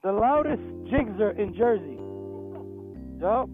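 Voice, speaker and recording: A man's voice: sits high, lively intonation, slow. A man from New York City vlogging while riding a motorcycle, chatting animatedly and joking, with plenty of swearing. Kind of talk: casual chat while riding. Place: on a motorcycle, outdoors on town roads. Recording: tinny, phone-like with loud music.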